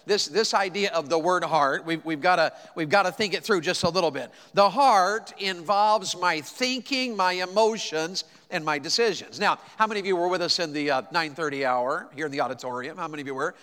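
Southern tennessee preacher guy, high bright voice, folksy and emphatic, big echoey church hall. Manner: folksy storytelling preacher, swings between quick asides and slow emphatic lines. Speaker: pastor. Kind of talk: sermon. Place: church auditorium. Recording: long hall reverb.

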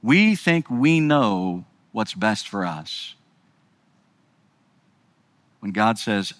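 A man's voice: on the low side, very animated, very slow, pauses often. A male pastor preaching a sermon emphatically, speaking directly to his congregation.

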